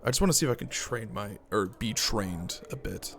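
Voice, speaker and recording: A man live-streaming a game playthrough, reading out its text and reacting loudly with swearing. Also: on the low side, moderate pace, vocal fry, noisy background. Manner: excitable, swears at surprises. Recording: music playing under the voice.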